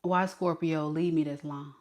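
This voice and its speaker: A woman's voice: low-pitched, steady tone, measured pace, a little mellow. A woman voicing a sulking ex-lover who mutters plaintively to themself, wondering why they have not been called back.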